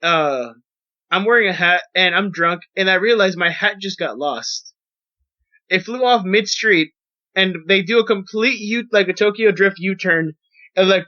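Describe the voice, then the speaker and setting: A young man with a high, bright voice tells a story on a podcast in a loose, rambling way. He swears freely. The audio sounds dull and lo-fi. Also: normal speed. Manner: rambling, profane, animated storytelling. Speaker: podcast host. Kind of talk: casual storytelling.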